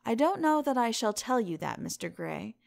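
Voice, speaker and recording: A woman reading the lines of a witty, languid aristocratic gentleman in a storybook reading, in a teasing, drawling way. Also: a little high, very animated, normal speed, gravelly, dry recording, studio quality, exaggerated voice.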